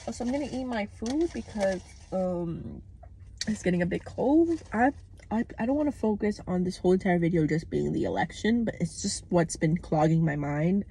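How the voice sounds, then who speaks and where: A woman's voice: mid-range voice, expressive, moderate pace, dark tone, breathy edge. A young American woman recording a candid, outspoken video diary from her parked car, swearing freely as she talks. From United States. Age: young adult. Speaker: vlogger. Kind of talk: casual personal video diary.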